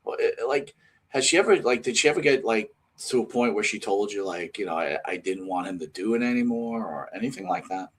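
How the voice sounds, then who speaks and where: A man with a somewhat low voice co-hosting a casual podcast. He piles on questions and restarts sentences, building up excitement as he goes. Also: brisk, slightly rough. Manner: rambling, enthusiastic questions with restarts. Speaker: podcast co-host.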